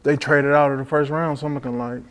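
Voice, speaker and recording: A man's voice: medium pitch, steady tone, quick pace, a bit bright. A man from Michigan hosting a casual chat, laid-back and saying "bro" a lot. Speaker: podcast host.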